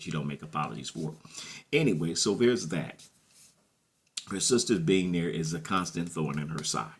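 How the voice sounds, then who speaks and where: A man casually recapping a TV episode, chatty and slangy, often repeating himself and playing the characters' lines. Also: deep voice. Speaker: show recap host.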